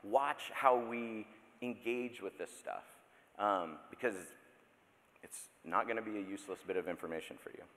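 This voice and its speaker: Preaching at a moderate pace, this man in his thirties has a lowish, fairly bright voice. His church sermon is conversational, with playful asides and self-interruptions, and the large sanctuary leaves a long reverb.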